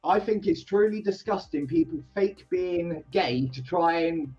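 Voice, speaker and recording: A man's voice: sits high, unhurried, over music. A man arguing heatedly in an online stream, accusing and talking over the others. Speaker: guest in an online argument. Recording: dull lo-fi online stream audio.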